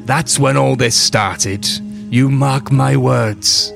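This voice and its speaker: A man playing a gruff, angry farmer who is worn out and speaks in slow, emphatic, grumbling lines. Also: medium pitch, over music, voice pushed up. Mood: grave. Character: gruff, angry, weary bearded male farmer.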